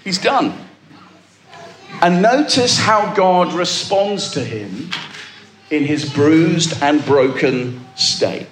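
A man's voice: on the high side, expressive, drawn-out words, a bit bright, echoey room, slight background noise. A male pastor preaching a sermon to a congregation, emphatic and calling out to the listeners. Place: church with a live congregation.

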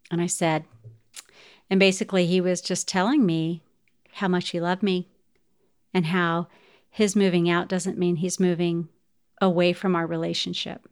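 A woman's voice: lowish voice, fairly even intonation, moderate pace, pauses often. A middle-aged woman hosting a podcast, telling a personal story in a heartfelt way and speaking straight to her listeners. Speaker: podcast host.

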